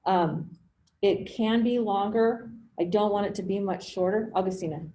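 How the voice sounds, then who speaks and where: Mellow-voiced woman teaching a class online. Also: medium pitch, normal speed, slight background noise, rough recording. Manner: conversational, checks in with frequent "okay?". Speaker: college writing instructor. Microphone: video call.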